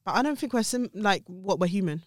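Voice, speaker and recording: A young woman co-hosting a casual podcast, opinionated and quick to laugh, often talking over the others. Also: mid-range voice, lively intonation, no echo, clean studio sound. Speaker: podcast co-host. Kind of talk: casual chat.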